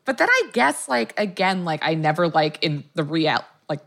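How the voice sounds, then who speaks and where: A woman co-hosting a podcast, chatting casually, laughing easily and reacting quickly. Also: deep voice, sing-song, vocal fry, a bit bright, a little hiss or hum. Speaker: podcast co-host. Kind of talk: casual chat.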